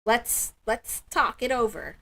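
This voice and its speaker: A woman's voice: on the high side, animated, gravelly. A woman hosting a spiritual livestream, chatting with viewers in an emotional, affirming way. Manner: warm, emotional, affirming, slow and soft-spoken. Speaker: livestream host.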